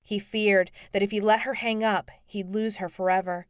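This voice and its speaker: A woman reading an audiobook in a steady, measured narration. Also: mid-range voice, dry recording, clean studio sound.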